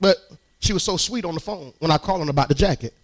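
Man, preacher, high voice, animated call-and-response sermon, church. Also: fast talker. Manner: rises into shouted, strained peaks.

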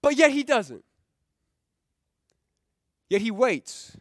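Male pastor, high voice, dry close sound; relaxed conversational sermon with restarts and light humor. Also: a little fast, dry recording. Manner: conversational, often stumbles and repeats words; keeps checking in with the crowd with "right?". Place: rented event hall used for church.

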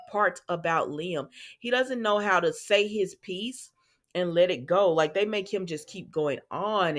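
A woman recaps soap episodes in a loose, chatty way, acting out the lines and breaking off to talk to her viewers. Her voice sits in a middle pitch, and she keeps the talk casual. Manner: chatty, animated retelling with asides to viewers. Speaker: soap opera recap host. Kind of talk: casual chat.

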